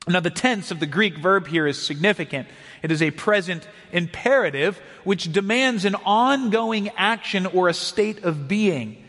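A pastor delivers an earnest sermon in a fairly high voice. He speaks in a measured way and slows for weighty phrases. His words ring out with a long reverb in a church hall. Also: expressive, a bit bright. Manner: earnest, measured preaching with slow emphatic pauses.

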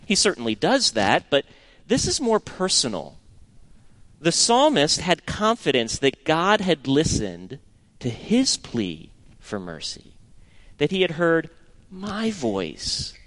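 A middle-aged man preaching a sermon and reading scripture, earnest and expressive, sometimes dropping to a hushed tone for emphasis. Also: fairly high pitch, slow.

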